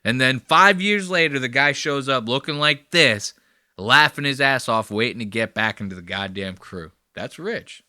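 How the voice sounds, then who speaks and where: A man's voice: medium pitch, normal speed, sharp tone, no room sound. A man hosting a podcast, riffing crude and profane comedic commentary in a rambling, conversational way on a close mic. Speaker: podcast host.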